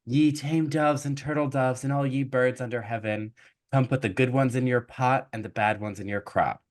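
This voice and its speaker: A man's voice: medium pitch, steady tone, normal speed, natural voice. A man voicing a young servant girl who begs in a theatrical way, in a comic fairy tale retelling. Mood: pleading.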